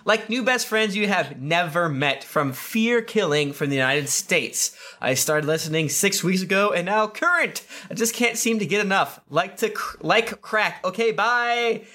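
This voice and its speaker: A man's voice: high-pitched, expressive, unhurried, few pauses, pushed and bright. A man co-hosting a podcast, reading listener reviews aloud with playful, jokey asides.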